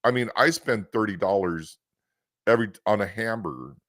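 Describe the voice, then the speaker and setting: A lowish, fairly bright male voice at a moderate pace belongs to a West Coast American podcast host. He spins rambling, chatty stories with many restarts, and the studio sound is clean and echo-free.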